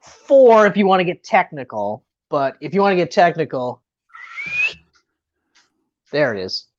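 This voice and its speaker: A woman co-hosting a casual chat, animated and laughing, who swears freely. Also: sits low, a little slow, highs cut off. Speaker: co-host.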